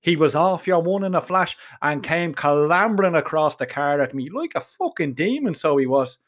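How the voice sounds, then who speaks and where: A man with a thick Dublin Irish accent tells his story in first person, earthy and full of swearing and local slang. His voice sits a little on the high side for a man. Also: lively intonation, normal speed. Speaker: narrator. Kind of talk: first-person audiobook narration.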